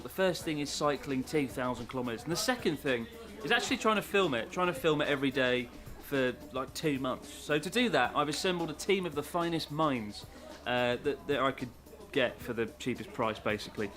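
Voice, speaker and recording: A man's voice: medium pitch, a little fast, a bit bright, faint music behind. A man narrating a casual vlog from an izakaya, jokey and self-deprecating. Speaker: vlogger.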